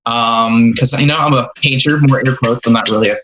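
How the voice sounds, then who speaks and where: A man's voice: mid-range voice, fairly even intonation, brisk, a bit bright, low-quality recording. A young man hosting a podcast, telling rambling, self-mocking stories about his first jobs in a casual way. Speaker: podcast host. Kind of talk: casual storytelling.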